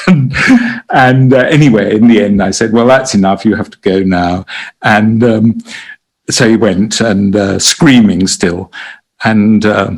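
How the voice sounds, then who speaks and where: A man's voice: medium pitch, darkish tone, poor audio. An older man, a former prison doctor on a podcast, telling stories hesitantly with frequent restarts and laughter. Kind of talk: conversational interview anecdotes.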